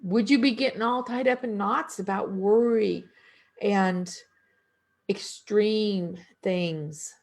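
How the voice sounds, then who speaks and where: A middle-aged woman in energy work speaks at a medium pitch with a darkish tone. She reflects slowly in a casual spiritual talk, conversationally posing rhetorical questions to her audience.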